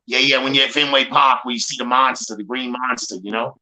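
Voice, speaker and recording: A man's voice: medium pitch, fairly even intonation, fairly quick, bright, forceful tone, low-quality recording. A man with a Southern accent chatting casually on a group livestream, rambling and folksy, swearing freely.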